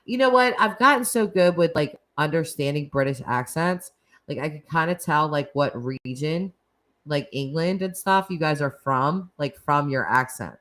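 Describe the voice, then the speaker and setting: Low-voiced chatty Northeastern American woman. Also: expressive, normal speed, fairly bright tone. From Northeastern United States. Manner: chatty and rambling, frequent "like" and laughs. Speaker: host of live chat stream. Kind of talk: casual live-stream chat with viewers.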